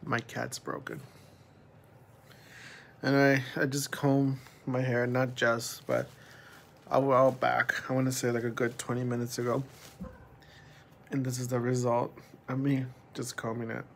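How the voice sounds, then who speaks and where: Rambling, gravelly-voiced young man. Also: little pitch movement, measured pace, pauses often. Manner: rambling, chatty, talks to his cat in a high cooing voice. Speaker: vlogger. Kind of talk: casual chat to camera. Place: at home, pet cat nearby.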